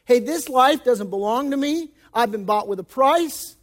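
High-voiced pastor preaching folksy. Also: male voice, animated, moderate pace. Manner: folksy, emphatic preaching with casual slang; shifts between loud emphasis and hushed, quiet passages. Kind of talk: sermon.

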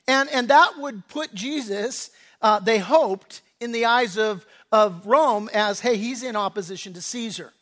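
A man's voice: very high voice, a bit bright. A man preaching a sermon as pastor, talking conversationally with frequent restarts and acting out quoted lines in a casual voice. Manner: acts out quoted speech in a casual voice.

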